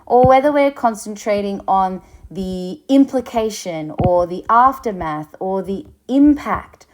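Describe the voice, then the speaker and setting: Woman, teacher, slow delivery, explanatory, fillers and restarts. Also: medium pitch, expressive, darkish tone, slight background noise. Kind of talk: recorded lecture.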